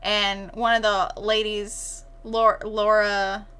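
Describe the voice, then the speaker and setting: A woman co-hosting a podcast in casual chat, animated and swearing, acting out quotes. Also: medium pitch, slow, clear, resonant tone. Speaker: podcast co-host.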